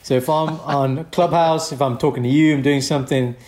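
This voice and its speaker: A man's voice: on the high side, fairly even intonation, brisk, a little mellow. A man, co-hosting a casual podcast chat, teasing and laughing a lot. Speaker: podcast co-host.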